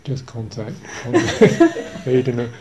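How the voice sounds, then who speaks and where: A man's voice: medium pitch, moderate pace, a crowd in the background. An older English man, a Buddhist monk, telling a humorous, self-mocking story in a dharma talk, chuckling along.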